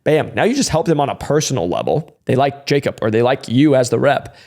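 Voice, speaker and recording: A young man, a sales trainer who hosts a channel, gives sales advice in a loose, energetic monologue at an ordinary mid-range pitch with some vocal fry. He keeps things conversational, tossing in "like" and "right?" and slipping into quick snippets of sample dialogue.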